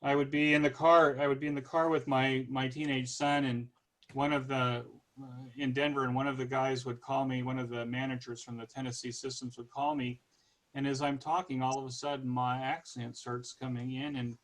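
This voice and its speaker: A man with a Californian American accent speaks casually over a video call. He talks at a middle pitch and often stumbles and restarts phrases. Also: little pitch movement, a bit bright, rough recording. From United States. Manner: halting, many restarts. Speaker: guest speaker.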